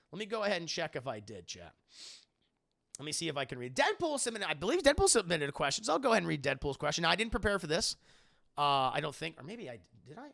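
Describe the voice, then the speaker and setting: A man chatting casually on a livestream, swearing freely and loudly imitating game lines. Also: fairly high pitch, vocal fry, dry recording, studio quality. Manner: profane, animated, quoting game lines in loud voices. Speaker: streamer answering viewer questions.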